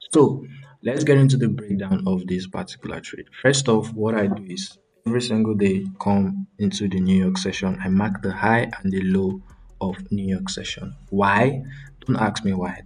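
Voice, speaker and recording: A man's voice: low-pitched, a little mellow, husky. A young man hosting a trading channel, casually talking through a live screen-share trade breakdown with frequent ums and self-corrections.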